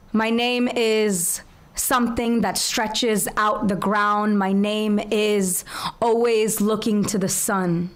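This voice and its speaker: A woman in her twenties performing spoken word poetry at an open mic, with a slow, measured, rhythmic delivery. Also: medium pitch. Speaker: featured poet. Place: open mic venue with audience.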